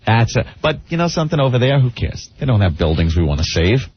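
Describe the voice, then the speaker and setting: A man's voice: medium pitch, very animated, fast, breathy edge. A man co-hosting a radio talk show, bantering with sarcastic glee. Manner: sarcastic, gleeful. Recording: dull lo-fi radio broadcast.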